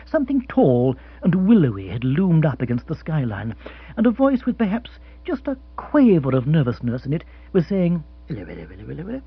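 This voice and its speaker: A man reads comic fiction aloud in a slightly raised, husky voice that swings widely in pitch. His storytelling is wry and expressive. The recording is dull and lo-fi. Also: moderate pace, no echo. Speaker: audiobook narrator. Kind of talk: scripted narration of comic fiction. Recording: dull lo-fi sound.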